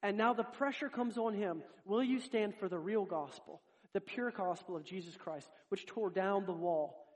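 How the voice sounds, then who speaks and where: A man's voice: sits high, moderate pace, few pauses. A man preaching a sermon, earnest and direct, talking straight to his congregation.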